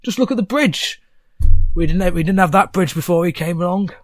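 A man doing a gruff goblin barfly. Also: sits high, fairly quick, dry recording, clean studio sound, faint music behind, pitched above the performer's own voice, natural voice. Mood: boastful. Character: brusque male goblin tavern patron.

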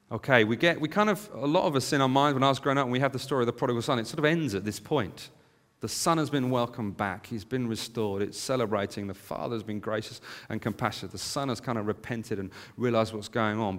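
A man in his thirties preaches in a relaxed, conversational way, weaving in stories about his own family. His voice sits at an ordinary middle pitch. The sound carries a long reverb, as if from a church hall. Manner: conversational storytelling with family anecdotes. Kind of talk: sermon.

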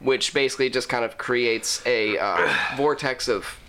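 Bright-voiced man rambling on a podcast. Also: mid-range voice, measured pace. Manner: rambling, profane, breaks into laughing shouts. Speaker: podcast co-host. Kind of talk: casual chat.

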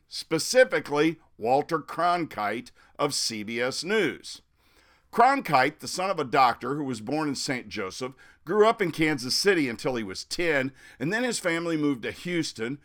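A man's voice: medium pitch, a bit bright. A middle-aged man from Missouri talks through a history story in a chatty podcast monologue. His voice rises and falls a lot as he goes. He drops in wry asides now and then. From Missouri, United States. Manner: chatty, wry asides, flares up in mock outrage. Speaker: podcast host.

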